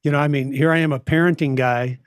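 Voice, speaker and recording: A man's voice: fairly high pitch, fairly even intonation, quick pace, smooth, no echo, clean studio sound. Earnest man giving parenting advice. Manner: earnest, direct, asks pointed questions. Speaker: parenting counselor, guest. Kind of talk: advice in a podcast conversation.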